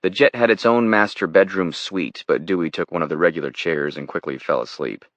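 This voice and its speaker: A man narrating a thriller audiobook in a steady, measured reading. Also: low-pitched, dry recording.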